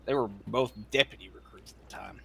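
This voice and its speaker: A young man spins an in-character yarn in a western roleplay, his voice bright and forceful. He swears constantly and keeps the tale animated and rowdy, with a faint hiss of background noise under him. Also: medium pitch, brisk, creaky. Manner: profane, animated retelling of events. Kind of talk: in-character storytelling.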